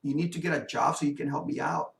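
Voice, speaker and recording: A tired, insistent mother presses her point, as a man puts her on while telling a story. The voice is gravelly and a little raised, heard from some distance in an echoing room. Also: fairly high pitch, steady tone, quick pace. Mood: pleading. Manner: pleading, insistent. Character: worried hard-working mother, middle-aged, insistent.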